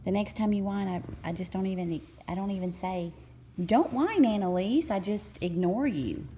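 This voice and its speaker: A woman's voice: fairly low pitch, steady tone, normal speed, mellow, slightly rough. A woman vlogger chatting casually and teasingly with her child while watching videos. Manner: playful, teasing questions. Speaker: parent vlogger.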